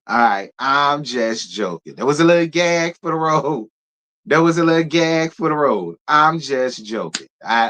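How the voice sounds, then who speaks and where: A man's voice: medium pitch, fairly bright tone. A man hosting a live review of a reality show, giving blunt, sassy and profane commentary, talking straight to his viewers and thanking donors. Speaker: reality TV recap host.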